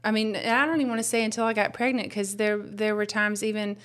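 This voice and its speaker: A woman's voice: medium pitch, flat delivery, quick pace, fairly bright tone. A woman, the host's wife and a new mother, sharing her faith story in a tender, reflective way full of fillers. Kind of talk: casual personal testimony.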